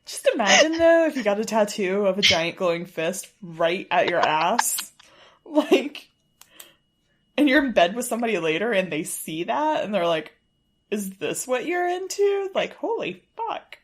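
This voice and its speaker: A woman co-hosting a casual podcast, animated and sarcastic, swearing freely as she riffs. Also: medium pitch, moderate pace. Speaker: podcast co-host. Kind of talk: casual chat.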